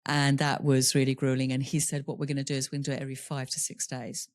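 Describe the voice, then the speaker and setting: Her voice is extremely low and flat, and she talks fast, with no echo on the recording. Guesting on a podcast interview, she shares a personal story openly, laughing through the painful parts and acting out what others said.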